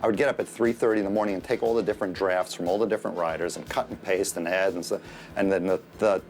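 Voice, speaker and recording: A male film director telling behind-the-scenes stories in an interview, animated and quick to laugh. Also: low-pitched, soft background music. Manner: animated storytelling, laughs easily. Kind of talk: anecdotal interview.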